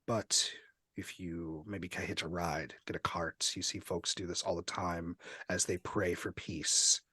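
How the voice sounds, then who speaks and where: Husky deep-voiced male game master. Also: a little slow, no room sound. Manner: lively, descriptive narration with fillers. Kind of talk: narrating a tabletop game.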